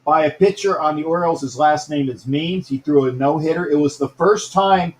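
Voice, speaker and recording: Guy hosting a sports livestream, kinda high voice, rambles and repeats stuff, roomy echo. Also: fairly quick. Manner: rambling, repeats himself, greets viewers by name. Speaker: sports talk show host. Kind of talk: casual live-stream chat.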